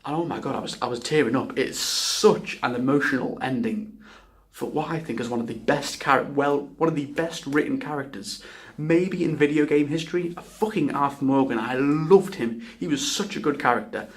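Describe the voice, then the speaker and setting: A man's voice: medium pitch, moderate pace. A man giving a casual spoken video game review, rambling and enthusiastic, often restarting his sentences and swearing.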